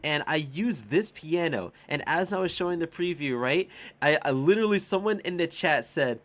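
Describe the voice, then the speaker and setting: A young man chatting on a casual livestream. He is excitable and swears a lot, laughs often and shouts at his chat. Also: on the high side, normal speed. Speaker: streamer and music composer.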